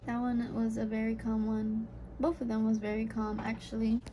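A woman's voice: fairly high pitch, level tone, normal speed, over music. A young woman vlogging late at night in a recording studio, telling her day's story in a loose, profane, ranting way. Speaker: vlogger and singer. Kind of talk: casual chat to camera.

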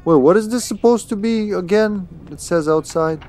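A man's voice: sits high, moderate pace, a little mellow, slight background noise. A man streaming a video game live, chatting casually to himself with swearing and chuckles. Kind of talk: live gaming commentary.

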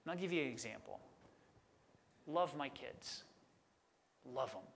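A man's voice: mid-range voice, lively intonation, a little slow, slight background noise. A middle-aged man preaching a sermon as a pastor, conversational and enthusiastic about word meanings.

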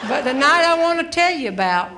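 Older female humorist: bright-ish, animated live storyteller, captured on a noisy stage recording. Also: sits high, a little fast. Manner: animated, shifting into quoted voices. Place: stage before a laughing audience.

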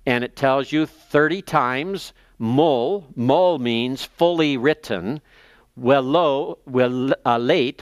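A man in a seminary lecture, explaining texts step by step, slowing down to spell out terms and page numbers, thinking aloud as he checks his notes. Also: medium pitch, no echo. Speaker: seminary professor. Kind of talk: classroom lecture.

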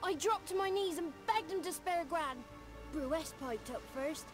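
A woman's voice: very high-pitched, a little slow. A woman voicing a scrappy, nervous young boy godling in a video game, talking in a rustic folksy dialect. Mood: telling. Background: game music.

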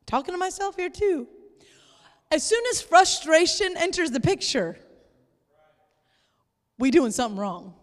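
A woman pastor preaching a sermon in church, lively and playful, sometimes acting out exasperated voices. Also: high voice, in a large hall. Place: church sanctuary.

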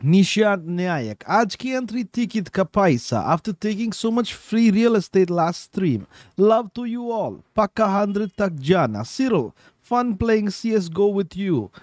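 Guy hosting a stream, fairly high voice, dry close sound, joking around. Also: sing-song, a little fast, hardly any pauses, darkish tone, dry recording. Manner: bantering, switches between English and Hindi. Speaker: host. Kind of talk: casual livestream chat, reading super chats.

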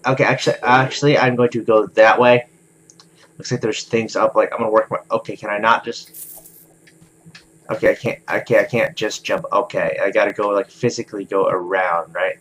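A young man calmly commenting on his own gameplay, talking to himself with many "okay"s. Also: lowish voice, a little fast, slight background noise, poor audio. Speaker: gaming video host. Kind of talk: let's play commentary.

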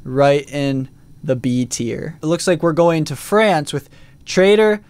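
A man's voice: a little high, animated, slow, a little mellow, clean tone. A man casually commentating a live stream, reading out chat votes and poll results with frequent fillers.

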